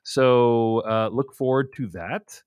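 A man hosting a casual podcast, chatty and animated, leading the talk and reading listener emails aloud. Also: mid-range voice, slow, smooth, no echo. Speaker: podcast host.

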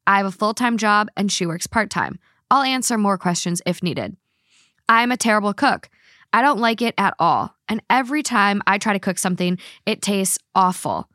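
A woman hosting a podcast, chatting casually and reading listener stories aloud in a blunt, animated way. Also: mid-range voice, no room sound, clean studio sound. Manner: blunt, swears freely, animated. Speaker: podcast host.

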